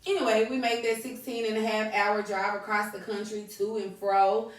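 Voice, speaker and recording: A woman's voice: mid-range voice, moderate pace. Laughing woman podcast host, echoey room. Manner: animated, laughing, quotes people in put-on voices. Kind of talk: casual podcast chat. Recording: echoey room, mic at a distance.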